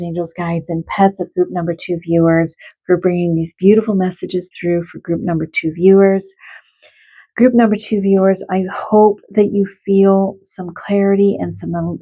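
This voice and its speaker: A woman who is an animal communicator and card reader, giving a spiritual card reading to viewers in a gentle, heartfelt and reassuring way. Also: fairly low pitch, low-quality recording.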